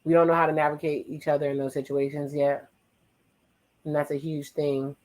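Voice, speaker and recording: Watching a reality dating show, a playful host with a medium-pitched voice retells what each person says in quick asides and teases them along the way. The casual, conversational delivery jumps between flat recaps and bursts of louder jokes. The recording is low quality.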